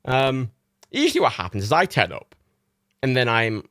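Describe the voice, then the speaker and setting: A man's voice: mid-range voice, big pitch swings, normal speed, fairly bright tone, dry recording, clean studio sound. A man hosting a livestream, a little tipsy, rambling casually with lots of laughter and swearing. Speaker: livestream host. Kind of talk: casual chat.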